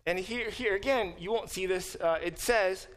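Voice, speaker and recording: Animated male Bible professor lecturing. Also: sits high, moderate pace. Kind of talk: classroom lecture. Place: classroom.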